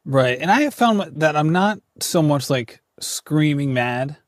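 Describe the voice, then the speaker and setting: A man's voice: on the high side, expressive, a little slow, no echo, studio quality. A man talking casually on a podcast, chatty and self-deprecating, full of fillers. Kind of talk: casual conversation.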